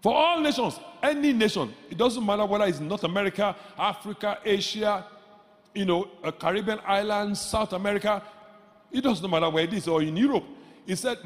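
A man preaching a sermon as pastor, emphatic, repeating phrases and rising to shouts. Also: high voice, brisk, big-room sound.

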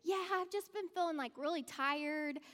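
A woman's voice: high voice, a bit bright, in a large hall. A woman voicing a tired, down man chatting at a grill, speaking hesitantly with many fillers. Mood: weary, hesitant. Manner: hesitant, halting, full of fillers.

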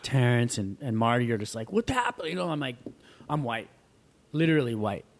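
A guest who surfs tells a wild story in casual chat, his mid-range voice running a little fast. He's animated, acting out the voices of the people involved and swearing freely.

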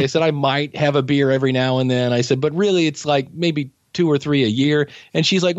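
A male podcast guest with a higher-pitched voice talks briskly, with fairly even intonation and few pauses, in a casual storytelling conversation. He rambles through anecdotes and acts out his own past remarks. The audio is dull, dry and lo-fi.

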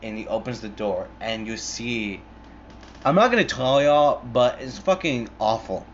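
A man's voice: medium pitch, lively intonation, a little slow, a little hiss or hum. A young man casually retelling a movie plot in a rambling, profane way, full of "like" and restarts. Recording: muffled lo-fi recording.

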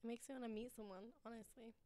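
A woman's voice: on the high side, steady tone, rapid-fire, warm tone. A young woman who is a podcast guest, chatting casually with short replies and easy laughter. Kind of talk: casual chat.

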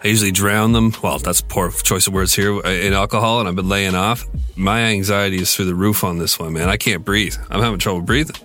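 A man's voice: sits low, fairly even intonation, fast talker, fairly bright tone, faint music behind. A man co-hosting a podcast, talking casually with a wry, rambling manner. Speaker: podcast co-host.

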